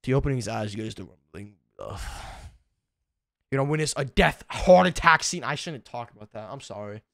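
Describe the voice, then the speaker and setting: A man's voice: medium pitch, animated, a little fast, creaky, fairly bright tone, no echo, clean studio sound. Tired young man rambling with cusses. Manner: rambling, heavy cussing, self-deprecating. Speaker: YouTuber. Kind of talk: casual unedited vlog chat.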